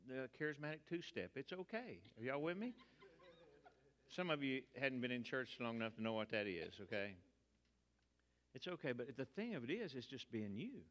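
An older man with a drawl tells his testimony to a congregation in a plain, folksy way. His voice is bright and forceful, and a long hall reverb trails behind each phrase. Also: mid-range voice. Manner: folksy, colloquial storytelling. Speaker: preacher. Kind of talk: testimony sermon.

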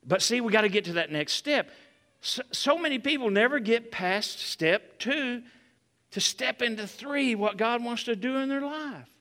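High, bright-voiced preacher man. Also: normal speed. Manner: animated preaching, calls out to congregation. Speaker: pastor. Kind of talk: sermon. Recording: long hall reverb.

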